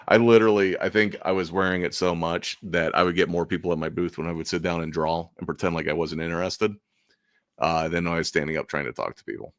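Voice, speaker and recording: A man's voice: low voice, fairly even intonation, fairly quick, a bit bright, no room sound, studio quality. A man in casual chat about selling art at conventions, rambling and making self-deprecating jokes. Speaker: convention artist and channel host.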